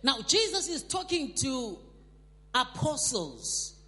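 A man's voice: very high-pitched, sing-song, slow, pushed and bright. A man preaching a sermon, emphatic and repetitive, calling on the congregation to respond. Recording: long hall reverb.

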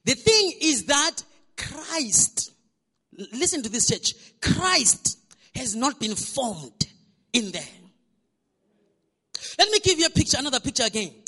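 Male pastor, storytelling sermon, very high bright voice, echoey church hall. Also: a little slow, long pauses, husky. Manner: storytelling, animated, repeats words when restarting.

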